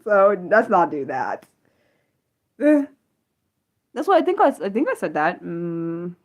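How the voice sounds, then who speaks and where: A young woman from the United States hosting a casual livestream, chatting with viewers in an excitable, disbelieving way with many stumbling restarts. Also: on the low side, slow pace. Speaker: livestream host. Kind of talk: casual livestream chat reading viewer comments.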